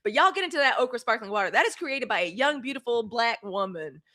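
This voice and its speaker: Bright-voiced Mississippi woman hosting a livestream. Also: a little high, lively intonation, fast talker. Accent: Southern US, Mississippi. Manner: talks straight to viewers, calls them y'all, fiery and blunt with swearing. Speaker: livestream host. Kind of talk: casual livestream commentary.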